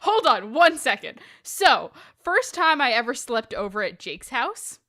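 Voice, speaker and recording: A woman co-hosting a podcast, joking and swearing in excited casual chat. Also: on the high side, measured pace, slight background noise. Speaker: podcast co-host.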